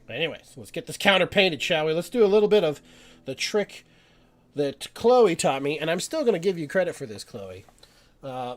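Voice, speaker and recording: A man's voice: a little high, big pitch swings, moderate pace, faint music behind. A young man hosting a live painting stream, rambling and self-doubting as he chats with viewers. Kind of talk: casual live-stream chat while painting.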